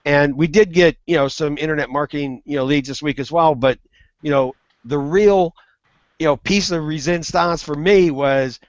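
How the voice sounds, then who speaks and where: A man with a fairly high voice tells a story in an animated way and laughs at his own jokes. His call audio is dry and a little muffled. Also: moderate pace, no echo. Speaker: guest. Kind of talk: casual storytelling. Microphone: video call.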